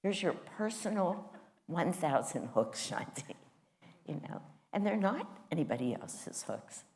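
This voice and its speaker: A woman with a low, deep voice leads a spiritual class, her pitch swinging widely as she talks. She tells a personal story in a candid, animated, self-mocking way. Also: measured pace.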